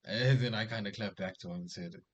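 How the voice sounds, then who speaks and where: A man's voice: on the low side, a little fast, low-quality recording. A young man casually telling a personal story as social advice, full of fillers and restarts. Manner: rambling, many fillers and restarts; lively quoted dialogue in story. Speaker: vlogger giving social advice.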